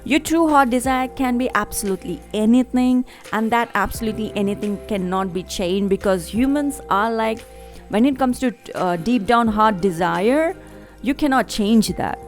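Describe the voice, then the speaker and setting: A woman's voice: fairly high pitch, moderate pace, faint music behind. A woman with an Indian accent, hosting her own channel and giving a fervent, preachy spiritual talk with repeated phrases. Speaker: tarot reader and channel host. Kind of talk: spiritual monologue to camera.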